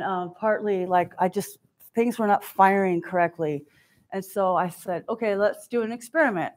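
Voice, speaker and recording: A middle-aged woman giving a candid, self-deprecating keynote talk, often acting out what others said to her. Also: mid-range voice. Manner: candid, self-deprecating, acts out quoted voices. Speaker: keynote speaker.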